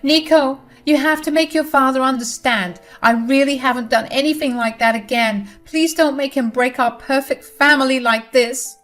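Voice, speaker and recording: A shrill, whiny middle-aged mother-in-law sobs and begs, her voice climbing high and tight, as a woman narrator puts her on. She is scheming and desperate. It is told as a storybook read aloud. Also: moderate pace, few pauses, a bit bright. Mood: tearful pleading. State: crying.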